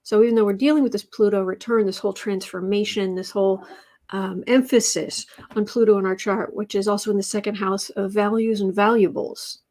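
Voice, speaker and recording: A woman hosting a casual astrology and tarot livestream. She rambles and thinks aloud with many restarts, and coos softly to her cat between points. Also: mid-range voice, fairly even intonation, brisk.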